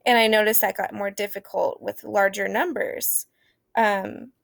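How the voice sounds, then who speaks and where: A woman's voice: mid-range voice, creaky, dry recording, studio quality. A young woman teacher from Oklahoma explaining early math ideas in a casual, hesitant way, with many fillers. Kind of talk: informal lesson on early math.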